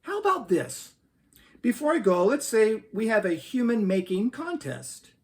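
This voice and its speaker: A man putting on a high, patient God. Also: sing-song, measured pace, exaggerated voice. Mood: patient, amused. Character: patient, kindly all-powerful male God.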